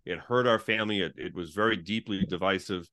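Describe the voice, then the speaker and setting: A man's voice: low-pitched, brisk, bright, forceful tone. A middle-aged man talking as an interview guest, a former pastor, in casual storytelling, saying "like" often and acting out the people he quotes. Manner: chatty, peppered with "like", acts out quoted dialogue.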